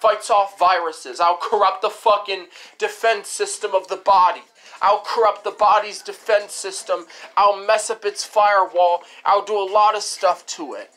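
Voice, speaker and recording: A woman's voice: mid-range voice, fairly bright tone. A woman hosting a home-made radio show, ranting angrily with lots of swearing and repetition. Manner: profane, repetitive, escalating frustration. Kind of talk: angry rant.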